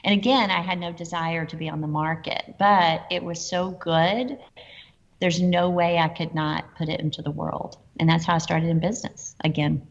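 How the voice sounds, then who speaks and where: Woman, middle-aged, animated storyteller, gravelly, low-fi, reverberant. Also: normal speed, a little hiss or hum. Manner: animated, quotes herself and others in dialogue. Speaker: guest entrepreneur. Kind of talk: casual interview storytelling. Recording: dull lo-fi sound with long reverb.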